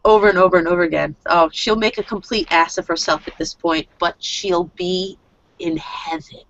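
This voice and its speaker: A woman's voice: fairly low pitch, steady tone, moderate pace, no room sound. A woman casually narrating her character in a role-play session, rambling and swearing. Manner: rambling, profane, giggly. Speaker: tabletop role-play player. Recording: dull lo-fi dry recording.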